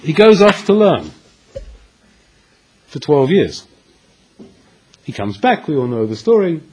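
A man giving a storytelling Torah lecture, animated and acting out the dialogue with dramatic pauses. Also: a little high, husky, poor audio. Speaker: Torah teacher.

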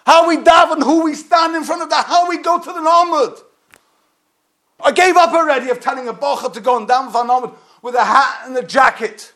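Brief: man with a very high voice, impassioned sermon. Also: a little fast. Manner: impassioned, swings from loud to hushed. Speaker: rabbi.

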